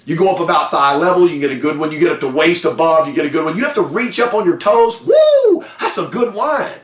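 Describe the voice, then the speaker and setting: A man hosting a car sales meeting, giving an energetic, folksy motivational pep talk. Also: fairly high pitch, fast, roomy sound. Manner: energetic, folksy, lively with whoops.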